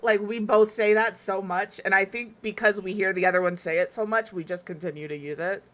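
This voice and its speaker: A woman's voice: medium pitch, steady tone, a little fast. A young woman from the American South, chatting casually and rambling with self-mocking humor while she plays a game on stream. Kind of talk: casual chat while gaming.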